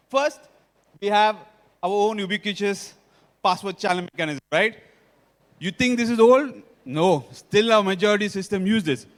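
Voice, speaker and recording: Indian man, conference speaker, high voice, keeps checking the crowd follows, hall reverb. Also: fairly bright tone. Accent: Indian English. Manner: engaging, quizzes the audience often. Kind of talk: technical conference talk.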